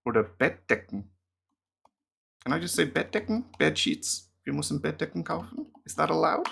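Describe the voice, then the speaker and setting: A German teacher chats casually and pokes fun at himself while working through language app exercises, muttering the answers aloud. His voice is fairly high, very animated, creaky, fairly bright and slightly rough, at a moderate pace.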